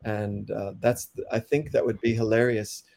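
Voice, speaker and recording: A man's voice: fairly low pitch, fairly even intonation, normal speed, creaky, a little mellow, no echo. A man, a poet, reading his rhyming verse in a rhythmic, accented delivery, then chatting casually as a podcast guest.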